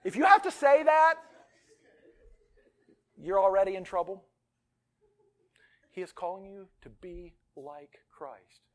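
Male pastor, high and lively voice; booms one moment, drops to a hush the next, jokes at his own expense. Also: takes it slowly, long pauses. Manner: animated, swings from loud outbursts to hushed near-whispers; self-deprecating humor. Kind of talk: sermon.

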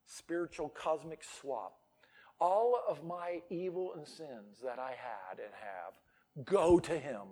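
A man preaching a sermon with a high, wide-ranging voice that leaps up on emphatic lines and drops low for quiet asides. He sounds middle-aged and talks like a pastor in the pulpit. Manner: emphatic, swings between loud declarations and quiet asides.

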